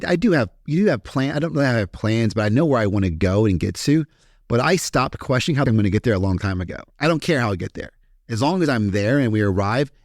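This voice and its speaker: A man from Kentucky, a podcast guest telling his story in a candid, animated way and swearing freely. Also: lowish voice, no echo, clean studio sound. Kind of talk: casual storytelling interview.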